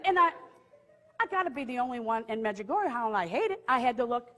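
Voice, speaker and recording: A woman telling a personal story with animated delivery, laughing often and jumping into high excited outbursts. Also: fast, in a large hall, a little hiss or hum. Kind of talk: testimony storytelling.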